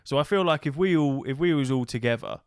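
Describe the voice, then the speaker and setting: A man in casual podcast chat who teases his co-host and swears freely. His voice is smooth and resonant. It is recorded dry and close. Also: medium pitch, quick pace, darkish tone, no echo.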